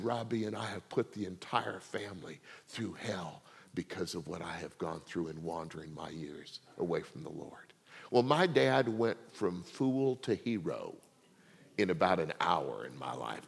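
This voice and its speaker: An older man preaching a sermon, telling a personal story and swinging between hushed asides and loud, laughing outbursts. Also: on the low side, vocal fry, slightly rough. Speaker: pastor. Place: church sanctuary. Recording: long hall reverb.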